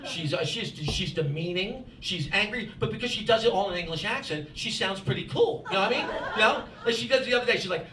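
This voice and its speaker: New stand-up guy, high voice, chatty crowd-work, roomy club mic with laughter behind. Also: lively intonation, quick pace, hardly any pauses, distant mic, background noise. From New Jersey, US. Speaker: stand-up comedian. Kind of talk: stand-up set. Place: comedy club with live audience.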